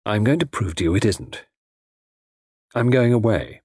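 An intense young charmer with a low, husky voice that swings widely as he pleads, as a male narrator voices him. His earnest, impassioned delivery sounds close and dry. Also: lively intonation, a little slow, a little mellow, no room sound. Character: intense young man, a charming gigolo turned remorseful.

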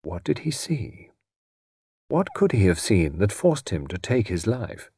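A man narrating an audiobook story in a measured, expressive way. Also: fairly low pitch, slightly rough, no echo, studio quality.

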